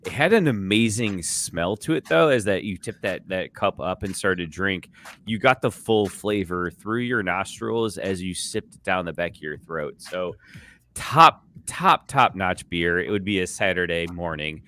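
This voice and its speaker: A man's voice: sits low, expressive, measured pace, bright, forceful tone, a little hiss or hum. A man co-hosting a beer podcast, talking loosely, swearing and laughing. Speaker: podcast co-host. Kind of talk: casual beer podcast banter.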